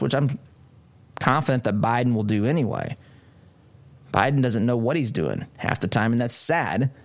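Male talk radio host, emphatic monologue, mid pitch, mocking asides. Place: studio.

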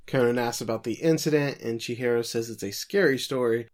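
A man's voice: medium pitch, a little fast. A man co-hosting a podcast, recapping episode plots in a casual, sardonic way with jokey asides. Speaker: podcast co-host recapping an anime. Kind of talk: casual chat.

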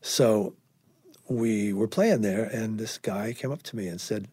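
An older man, a guest musician, telling anecdotes in an animated way, acting out dialogue and swearing casually. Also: on the low side, a little slow, breathy edge, dry recording. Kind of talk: anecdotal storytelling.

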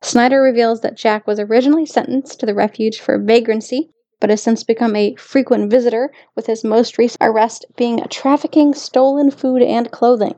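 A woman's voice: on the high side, fairly even intonation, moderate pace, dark tone, no room sound. A woman co-hosting a podcast, reading out a plot recap in a matter-of-fact way. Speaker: podcast co-host. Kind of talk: casual chat and plot recap.

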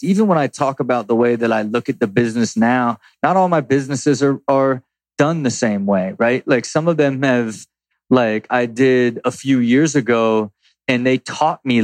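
A man's voice: mid-range voice, dry recording. A man in his forties answering audience questions in a loose, rambling way, swearing freely and acting out little quotes. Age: 40s. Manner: profane, rambling, acts out quotes. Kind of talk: casual Q&A talk.

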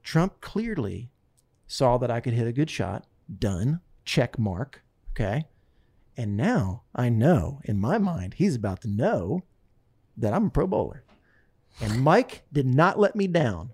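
A man casually telling a long story, acting out what others said in lively voices. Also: medium pitch, unhurried, breathy edge. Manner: animated, quotes others in lively put-on voices.

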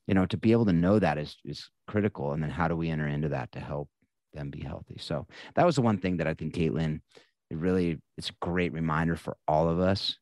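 A man co-hosting a podcast, talking in a relaxed, conversational way and going quieter when he reflects. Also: rumbling low, quick pace, no room sound. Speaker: podcast co-host. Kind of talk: casual podcast chat.

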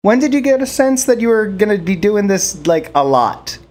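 A woman co-hosting an interview, curious and quick to laugh, asking long, rambling questions. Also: mid-range voice, big pitch swings, a little mellow. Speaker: co-host. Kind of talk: casual interview chat.

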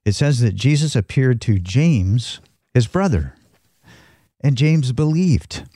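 A man's voice: mid-range voice, animated, slow pace, mellow, breathy edge, no room sound, clean studio sound. A man co-hosting a Christian talk show, teaching from the Bible in an earnest, reflective way with frequent restarts. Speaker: christian podcast co-host.

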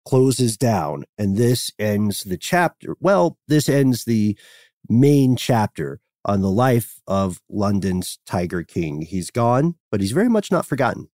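A man's voice: fairly low pitch, sing-song, slow, a little mellow, no room sound, clean studio sound. A man co-hosting a history podcast, telling the story in a playful, joking way. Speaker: podcast co-host. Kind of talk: casual history podcast chat.

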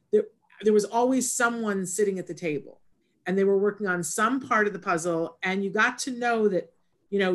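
A woman's voice: medium pitch, fairly bright tone. A woman hosting a casual interview, telling a personal story with a reflective, storytelling manner before introducing her guest. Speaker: host.

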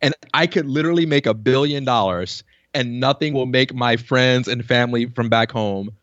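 This podcast guest from New York is an animated storyteller, recounting his career in a casual interview and voicing the people he quotes. He speaks at a moderate pace in a mid-range voice. The sound is lo-fi, with no room sound.

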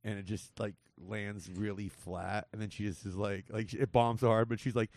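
A man's voice: on the low side, little pitch movement, moderate pace, a little mellow, no room sound, clean studio sound. A man in his forties from Southern California hosting a casual comedy podcast, rambling, swearing and laughing often. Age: 40s. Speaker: podcast host.

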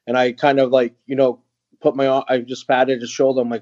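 A man telling a heartfelt story as a podcast guest, earnest and halting with many fillers. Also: mid-range voice, flat delivery, a little mellow, no echo, highs cut off. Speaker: guest, veteran nonprofit founder.

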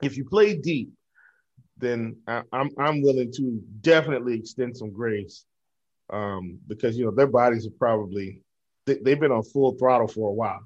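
A man's voice: mid-range voice, moderate pace, darkish tone, highs cut off. A man co-hosting a fantasy basketball podcast in casual chat, often stumbling and repeating words with many fillers.

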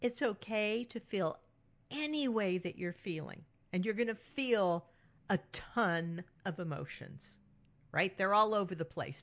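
A woman's voice: fairly low pitch, fairly bright tone. A middle-aged woman talks straight to her listeners in a podcast monologue. She sounds frank and reassuring, and now and then she laughs. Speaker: podcast host speaking to widows.

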